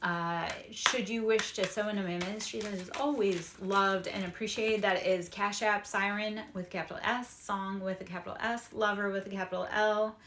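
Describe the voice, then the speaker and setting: A woman's voice: mid-range voice, fairly even intonation, moderate pace, hardly any pauses, reverberant, background noise. A woman giving a live-streamed tarot reading, speaking in a repetitive, affirming, spiritually encouraging way. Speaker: tarot reader. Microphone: streaming microphone.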